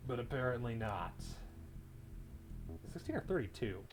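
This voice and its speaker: A man at a desk mic gives live gameplay commentary as a streamer, with a voice of ordinary middle pitch. He chats easily with his viewers and breaks into loud, excited yelling during tense moments. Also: moderate pace, music in the background. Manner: chatty, talks to chat, bursts into loud excited yelling. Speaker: game streamer.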